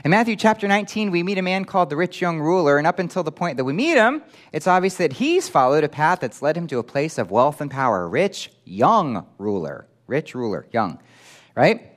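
A man preaching a sermon, emphatic and animated, acting out quoted voices as he teaches. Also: a little high, brisk.

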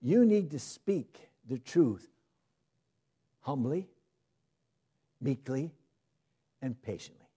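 A man preaching a sermon, shifting from loud emphasis to soft asides. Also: mid-range voice, very animated, slow, long pauses, breathy edge.

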